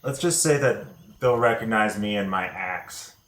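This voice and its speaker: Deep-voiced man at the game table, easygoing, roomy sound. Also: unhurried, a bit bright, a little hiss or hum. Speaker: player. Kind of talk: casual tabletop play. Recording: echoey room.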